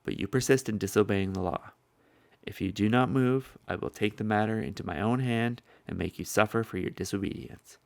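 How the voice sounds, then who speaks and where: A man voicing a stern, overbearing army general in a commanding, curt way, with a gravelly voice. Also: fairly low pitch, brisk, a little mellow, no echo.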